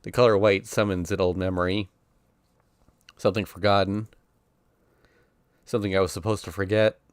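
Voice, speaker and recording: Deep-voiced man reading a visual novel. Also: flat delivery, moderate pace, clean tone, dry recording. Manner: casual first-person narration that voices sound effects playfully.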